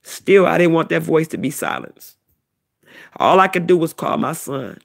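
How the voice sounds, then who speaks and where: Gravelly, animated middle-aged woman. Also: deep voice, moderate pace. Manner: animated, repetitive storytelling. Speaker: vlogger, self-described prophetess. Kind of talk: emotional personal testimony.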